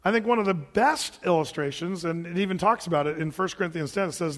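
A man's voice: high-pitched, animated, fast, hardly any pauses, big-room sound. A man preaching a sermon, asking rhetorical questions and acting out scenes as he retells them. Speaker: pastor.

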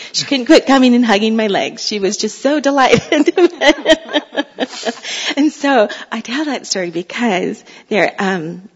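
A middle-aged mother telling a parenting story in a chatty way, laughing often, with a husky voice. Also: on the high side, long reverb tail, lo-fi sound. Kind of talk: casual storytelling talk.

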